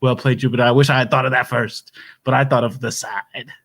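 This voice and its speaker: A man's voice: medium pitch, little pitch movement, fairly quick, fairly bright tone. A man playing a folksy, easily flustered doomsday prep lecturer who hosts a comedy livestream, rambling and stammering as he reads viewer comments. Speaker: host of a comedy web show. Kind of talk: improvised comedy livestream character. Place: home setup, said to be a bunker.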